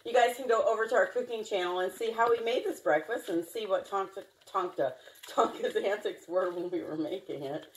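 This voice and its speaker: A woman's voice: medium pitch, a little fast, a little hiss or hum. A woman hosting a home pet vlog, talking playfully to her dogs and to viewers. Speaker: vlogger, dog owner.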